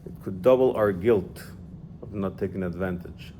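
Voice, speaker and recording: A man's voice: sits low, moderate pace, dark tone, slight background noise. A man teaching an informal religious class, explaining step by step and checking in with his student.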